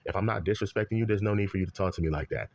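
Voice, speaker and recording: A man with a lowish voice rants heatedly and at a racing pace in online commentary, heard through lo-fi sound. He curses often and keeps circling back to the same points in his profane, repetitive tirade.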